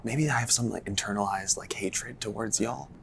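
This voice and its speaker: A man's voice: lowish voice, moderate pace, vocal fry, a bit bright, slight background noise. A man from Canada hosting a casual interview, playful and teasing as he quizzes his guest. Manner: playful, teasing, quiz-style questions. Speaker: host.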